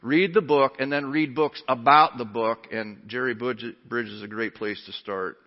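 Pastor preaching in a reverberant hall. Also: male voice, mid-range voice, fairly even intonation, normal speed, dull audio. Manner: emphatic, earnest preaching. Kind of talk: sermon.

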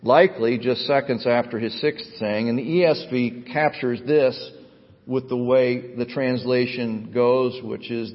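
A man's voice: medium pitch, unhurried. A male pastor delivering a sermon, building to emphatic, rising phrases and then easing into explanation. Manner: preaching with rising emphatic cadence. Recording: dull sound with long hall reverb.

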